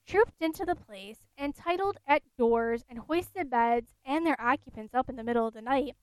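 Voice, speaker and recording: High-voiced woman reading a ghost story. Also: moderate pace, a little mellow, no room sound.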